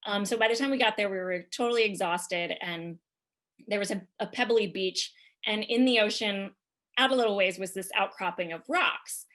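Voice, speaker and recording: Bright-voiced woman telling a story. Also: mid-range voice, normal speed. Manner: chatty, rambling with many fillers and laughs. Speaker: podcast guest. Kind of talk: casual comic storytelling.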